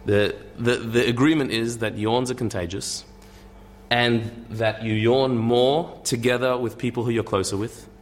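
A man's voice: mid-range voice, fairly even intonation, measured pace. A man giving a conversational lecture, thinking aloud with repeated words and restarts and tossing in wry asides.

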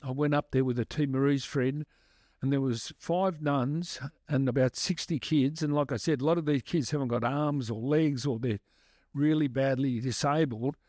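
A man's voice: medium pitch, moderate pace, darkish tone, no echo, studio quality. A man, a guest musician, answering questions in a chatty, rambling way full of restarts. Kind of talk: casual storytelling answers.

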